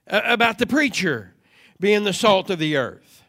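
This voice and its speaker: A man preaching a sermon to a congregation, moving from steady teaching into loud, emphatic repetition. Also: sits high, moderate pace. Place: church service before a congregation.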